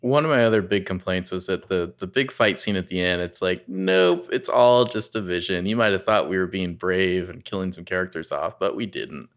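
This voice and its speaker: A man's voice: deep voice, brisk, hardly any pauses. A man hosting a podcast, chatting casually and griping sarcastically. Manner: complaining, sarcastic. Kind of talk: casual chat.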